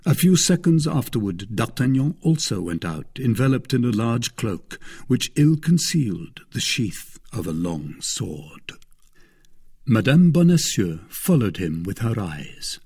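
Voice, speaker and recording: A man narrating a classic novel in a measured storytelling manner. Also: medium pitch, big pitch swings, darkish tone, slightly rough. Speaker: audiobook narrator. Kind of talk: scripted narration.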